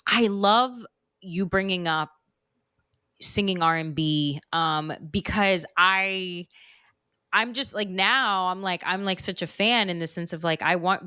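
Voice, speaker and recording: A woman co-hosting a podcast in casual chat, animated and emphatic, often laughing. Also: lowish voice, smooth, no room sound, studio quality. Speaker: podcast co-host.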